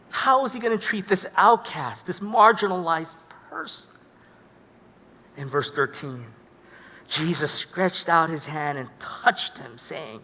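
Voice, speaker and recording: A man preaching a sermon as a pastor, telling stories in an animated, dramatic way. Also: on the high side, a little slow, slight background noise. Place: church hall. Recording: echoey church hall.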